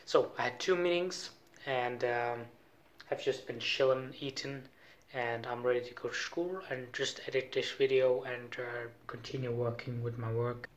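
A young male film student vlogs casually into a handheld camera as he moves around a city, often outdoors on the streets, his talk loose with fillers and restarts. His mid-range voice holds a steady tone at normal speed.

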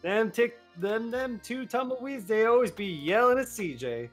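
A man's voice: very high-pitched, lively intonation, moderate pace, soft background music. A man streaming a video game and chatting with his viewers in a joking, put-on cowboy drawl. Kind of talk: casual live-stream chat.

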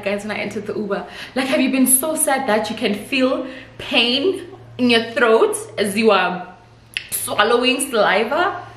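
Young South African woman, lively storyteller, roomy echo on the voice. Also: on the high side, a little slow. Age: young adult. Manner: animated storytelling, mixes in isiZulu phrases. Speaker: vlogger. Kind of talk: casual storytime vlog. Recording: echoey room with faint noise.

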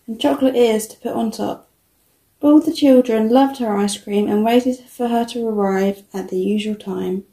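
A woman reading a children's storybook aloud in a steady read-aloud manner. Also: fairly high pitch, gravelly. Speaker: storybook reader. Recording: echoey room.

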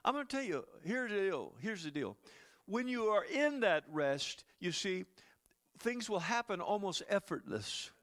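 A man's voice: sits high, big pitch swings, a little slow, a bit bright. A man preaching a sermon as pastor, talking conversationally to the congregation with chuckles and asides.

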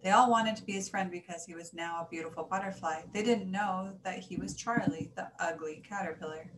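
A woman reading a children's story aloud in an animated, singsong way. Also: lowish voice, brisk, hardly any pauses. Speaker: story reader. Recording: echoey room, faint hiss.

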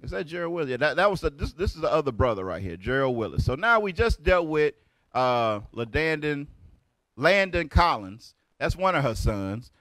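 Animated preaching man, dry close sound. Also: fairly high pitch, normal speed, dry recording. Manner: loud, rhetorical, repeats "right?". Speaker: teacher leading a lesson. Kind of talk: street preaching lecture.

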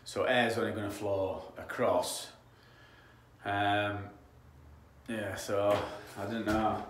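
A man's voice: fairly low pitch, flat delivery, takes it slowly, slight background noise. Chatty Yorkshire tradesman in an echoey room. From Yorkshire, England. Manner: rambling, chatty, with frequent restarts and tangents. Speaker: damp-proofing tradesman. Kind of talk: casual on-site explainer.

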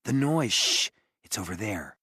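A man voicing a bossy, brisk teenage girl, the older sister, in an audiobook. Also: fairly low pitch, very animated, sharp tone, breathy edge, dry recording, clean studio sound, exaggerated voice. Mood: alert. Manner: brisk and commanding.

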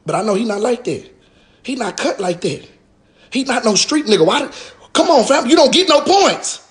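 A man, ranting in an animated, profane and mocking way on a live stream, with a sarcastic repeated "sir". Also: high voice. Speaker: rapper addressing his followers.

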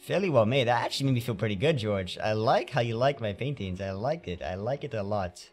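A man's voice: fairly low pitch, animated, fairly quick. A man giving theatrical let's play commentary, talking to himself as he paints in a game, with faint game music behind him. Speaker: gamer playing a painting game.

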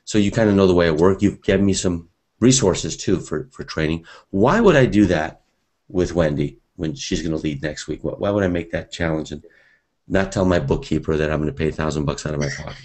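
This seminar teacher has a very low, darkish voice and speaks fairly quickly in front of a live room of students. He keeps things lively and conversational, speaking directly to those listening.

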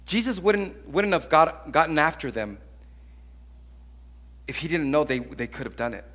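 A man preaching a sermon as pastor, telling stories in an animated, conversational way with acted-out voices. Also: a little high, normal speed. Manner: conversational, with frequent restarts.

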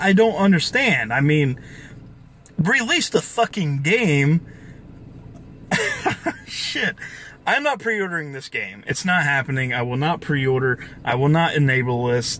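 A man's voice: fairly high pitch, a bit bright, a little hiss or hum. A young man hosting his own gaming channel, ranting angrily about the industry, profane and full of restarts. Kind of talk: ranting video commentary.

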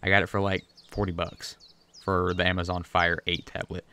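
A man's voice: low voice, level tone, normal speed, bright, forceful tone, clear, resonant tone. A man chatting casually and rambling through gameplay commentary at his home desk, talking to the fish on screen. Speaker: gaming video creator. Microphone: USB desk microphone.

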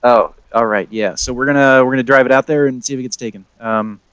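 A man's voice: medium pitch, fairly even intonation, quick pace, fairly bright tone, clean tone, dry recording, lightly acted. A man voicing a blunt male trade official who rambles and repeats himself in an offhand way.

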